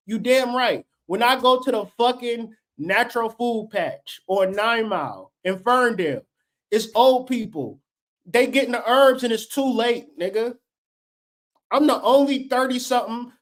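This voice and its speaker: A man's voice: very high voice, a little slow, fairly bright tone. A man in his late thirties hosting a livestream, ranting in a profane, fired-up and preachy way. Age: late 30s. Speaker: livestream host. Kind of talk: unscripted livestream rant.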